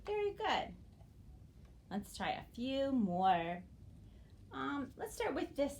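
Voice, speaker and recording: A woman teaching young children a phonics game, slowly and clearly, encouraging them to repeat words after her. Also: high-pitched, sing-song, darkish tone. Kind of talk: early-grade phonics lesson.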